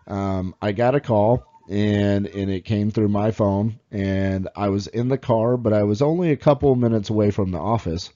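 A man's voice: fairly low pitch, moderate pace, few pauses, mellow. A man hosting a podcast interview, asking questions and telling stories in an easygoing way. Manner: easygoing storyteller. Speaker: podcast host. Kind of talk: casual interview talk. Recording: dull lo-fi audio.

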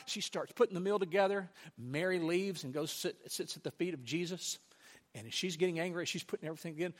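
A man preaching a sermon, telling the story with animated, emphatic delivery. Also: high-pitched, fairly quick, long reverb tail.

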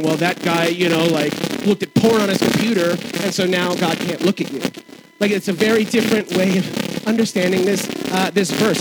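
A man pastor preaching a sermon to a congregation in a conversational, animated way, with asides and jokes. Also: high voice, heavy background noise. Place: church sanctuary with congregation.

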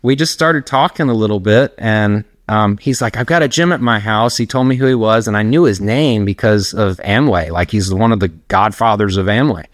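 In a fairly low voice at a moderate pace with few pauses, this middle-aged personal trainer rambles through anecdote after anecdote as an interview guest, laughing as he talks. It's a casual conversation captured in clean studio sound with no room sound.

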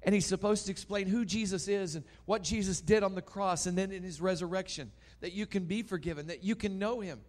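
A man preaching a sermon, telling a story dramatically and swinging between loud and hushed. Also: high voice, a little fast, hardly any pauses.

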